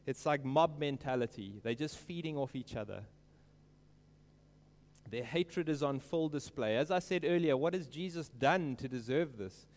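A man preaching an earnest sermon, stressing quoted lines slowly and emphatically. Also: medium pitch, darkish tone, in a large hall.

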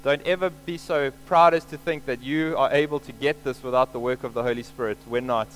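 A man's voice: mid-range voice, steady tone, fairly quick, soft background music, low-quality recording. A man preaching a sermon, explaining scripture earnestly and repeating key points for emphasis.

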